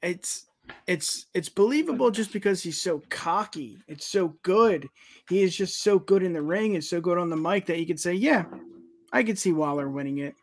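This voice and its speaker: Male co-host, fairly high pitch, upbeat casual podcast banter with hype-man energy. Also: animated, normal speed. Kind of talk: casual wrestling podcast chat.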